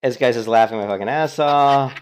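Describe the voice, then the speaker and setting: A man in the middle pitch range talks through a game session in a relaxed, chatty way. He sounds amused as he reads out and retells what other players said in chat. His tone stays loose and unscripted. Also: fairly quick, noisy background. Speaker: game streamer. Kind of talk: casual gameplay commentary.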